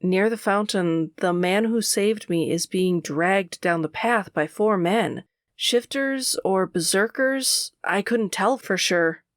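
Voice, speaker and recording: A woman with a medium-pitched voice narrates a first-person audiobook in a steady, measured manner. The studio recording is clean, with no room sound.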